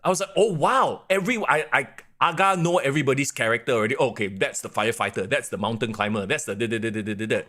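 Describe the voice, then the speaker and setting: A man's voice: medium pitch, rapid-fire, hardly any pauses. A man co-hosting a wrestling podcast in a casual, rambling chat full of fillers. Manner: animated, rambling, lots of fillers. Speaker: podcast co-host.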